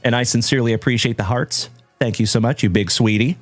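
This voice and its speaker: A man's voice: mid-range voice, fast, faint music behind. Hearty man hosting a card-break stream. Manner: hearty, shout-outs full of "my brother" and "my man". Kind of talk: upbeat livestream chat with viewers.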